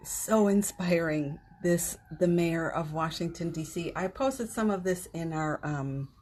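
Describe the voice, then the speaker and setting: This livestream host talks from home through her phone, delivering casual inspiration in a heartfelt, wandering way full of fillers and restarts. Her voice is lowish and darkish, her pace measured, with a little hiss or hum present.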